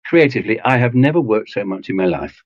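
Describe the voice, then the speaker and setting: Laid back english guy in an interview, lots of ums, lowish voice, dry dull recording. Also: fast, no echo. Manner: relaxed, rambling, many ums and restarts. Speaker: audiobook narrator guest. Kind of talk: casual interview chat. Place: home garage booth with foam pads.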